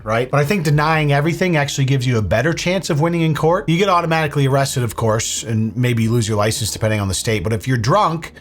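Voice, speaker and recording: A man's voice: mid-range voice, a little fast, hardly any pauses. A young man reacting to police bodycam footage in a sarcastic, mocking, casual way, with some swearing. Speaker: commentary host.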